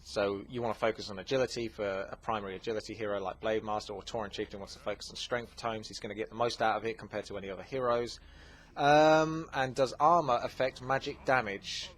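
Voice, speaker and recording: A man with a voice on the low side and fairly even intonation hosts a gaming channel. He answers viewer questions in a casual Q&A, chatty, packed with fillers and quick asides.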